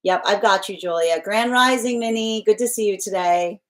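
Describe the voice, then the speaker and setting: A woman's voice: medium pitch, normal speed. A young adult woman hosting a tarot livestream, chatting casually with viewers and laughing often, with many restarts. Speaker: tarot reader and livestream host.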